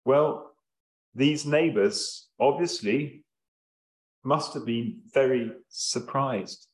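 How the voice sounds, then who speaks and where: A male preacher delivering a Sunday sermon at a very unhurried pace, letting each phrase sit before the next. His voice sits at an ordinary middle pitch and rings around a roomy, echoing space. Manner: slow, measured delivery with long pauses and occasional ums. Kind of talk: sermon reading scripture and expounding.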